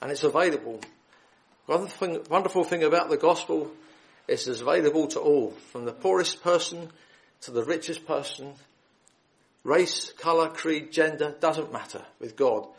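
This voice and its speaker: Earnest preacher man, gravelly voice. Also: on the high side, moderate pace, rough recording. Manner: earnest, reads scripture then appeals to listeners directly. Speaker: lay preacher. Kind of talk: gospel preaching. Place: hall.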